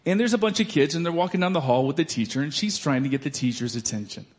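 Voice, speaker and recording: A man preaching a sermon, swinging from loud declarations to soft storytelling. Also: on the high side, animated, fast. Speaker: pastor.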